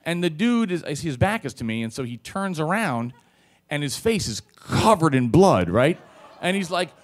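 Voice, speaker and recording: A man telling a personal story on stage to a live audience, animated and conversational, with plenty of fillers and swearing. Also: on the high side, normal speed.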